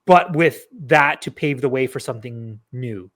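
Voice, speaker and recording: A man in casual chat about a movie trailer, relaxed, laughing easily and swearing now and then. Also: medium pitch, moderate pace. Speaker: podcast guest.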